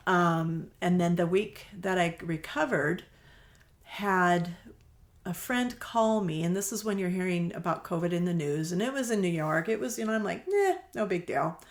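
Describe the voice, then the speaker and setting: A middle-aged woman, a quilt shop owner, chatting as a guest on an interview podcast, telling stories and acting out the dialogue. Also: lowish voice. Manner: chatty storyteller, acts out quoted dialogue, laughs easily. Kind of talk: casual conversational interview.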